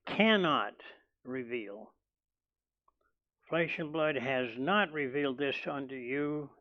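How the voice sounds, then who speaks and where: A man preaching a sermon in a church, talking slowly and deliberately, often restarting his sentences. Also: fairly high pitch, highs cut off. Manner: slow and deliberate, with many restarts. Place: church hall.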